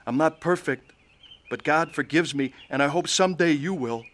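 A man's voice: on the high side, moderate pace, a bit bright. A man narrating his own faith testimony in an earnest, pleading way and acting out the scenes. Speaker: narrator of his conversion story.

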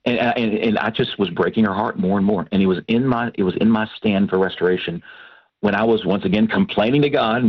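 A man from Texas, a pastor and counselor, telling his personal story in an earnest, animated way as a radio guest. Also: on the low side, a little fast, creaky, slightly rough, muffled recording. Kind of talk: personal testimony.

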